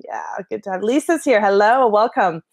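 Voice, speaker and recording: A woman's voice: medium pitch, expressive, normal speed, gravelly, darkish tone. Enthusiastic woman host greeting viewers. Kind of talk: live show interview.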